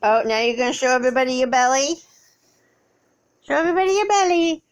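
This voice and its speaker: A woman's voice: high-pitched, animated, fast talker, clear, resonant tone. A woman filming her pets at home, chatting to them in sing-song baby talk. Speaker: pet owner. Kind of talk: home pet video.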